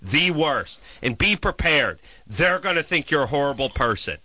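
A man's voice: on the high side, sing-song, normal speed, bright, forceful tone, dry recording. A man hosting a podcast, telling a profane, exasperated comic rant about his neighbors. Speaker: podcast host. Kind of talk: comedic ranting storytelling.

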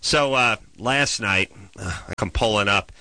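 A man's voice: fairly low pitch, a little slow, pushed and bright, no echo. A man hosting a podcast, telling a profane, exasperated comic rant about his neighbors. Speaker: podcast host. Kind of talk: comedic ranting storytelling.

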